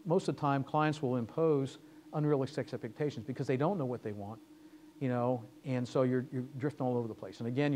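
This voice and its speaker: A man's voice: mid-range voice, darkish tone, slight background noise. A man giving a lecture as guest speaker, telling business anecdotes and acting out the dialogue. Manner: storytelling, acting out quoted dialogue. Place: lecture hall.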